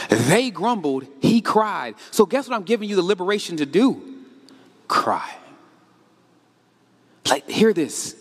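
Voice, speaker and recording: A man preaches in an animated, conversational way, tossing question after question to his listeners and leaning on casual slang. His voice sits high for a man. The sound rings with the long reverb of a large hall. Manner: animated, rhetorical questions to the congregation. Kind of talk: sermon.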